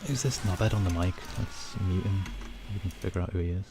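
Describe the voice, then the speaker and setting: A man's voice: sits low, brisk, very noisy. A man with a northern English accent, chatting casually and rambling to his chat while gaming on a livestream. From northern England. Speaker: streamer.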